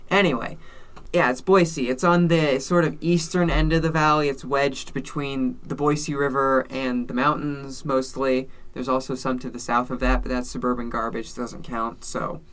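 A man with a bright, forward voice, chatting casually as a co-host. He explains at length, dropping wry asides and little jokes as he goes. Plain conversational delivery. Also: medium pitch, little pitch movement, normal speed, few pauses. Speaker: podcast co-host. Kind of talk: casual chat. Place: based in Salt Lake City.

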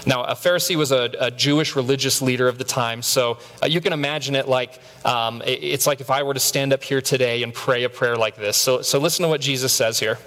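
A man's voice: mid-range voice, steady tone, fairly quick, few pauses, fairly bright tone. A man in his thirties preaching a sermon, telling stories with self-mocking humor and stammered repeats. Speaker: pastor. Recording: long reverb of a large hall.

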